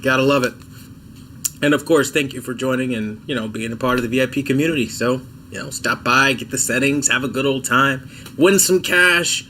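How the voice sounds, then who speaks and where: Hosting a casual TV tech livestream from home, a sick man coughs and clears his throat as he chats with viewers in a laid-back, self-mocking way. His medium-pitched voice is brisk, bright, and forceful, with slight background noise.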